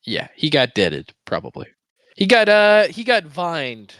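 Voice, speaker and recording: A male podcast co-host jokes his way through a book discussion. His voice is somewhat high and moves expressively, with a chuckle never far off. The sound is close and dry. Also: huge pitch swings, measured pace, fairly bright tone, no room sound. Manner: playful, chuckling commentary.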